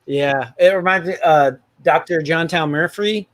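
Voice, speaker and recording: A man's voice: on the high side, a little slow, no room sound. A middle-aged man co-hosting a podcast, retelling college stories with lots of laughter. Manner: laughs often, animated retelling. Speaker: podcast co-host. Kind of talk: casual storytelling chat.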